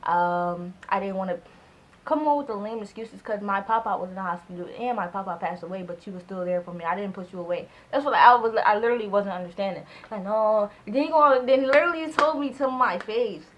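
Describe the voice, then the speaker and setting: A young woman in her twenties tells a personal story to her viewers, loose and chatty. She acts out the back-and-forth of old conversations and leans on "like" between thoughts. Her voice sits at an ordinary middle pitch. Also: brisk, rough recording. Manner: animated, acts out both sides of conversations; heavy use of "like" as filler. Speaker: vlogger. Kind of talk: casual storytime.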